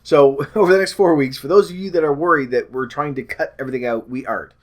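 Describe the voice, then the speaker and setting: A man's voice: medium pitch, fast talker. Rambling man vlogging about weight loss. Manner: rambling, self-correcting, frequent ums. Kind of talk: casual talk to camera.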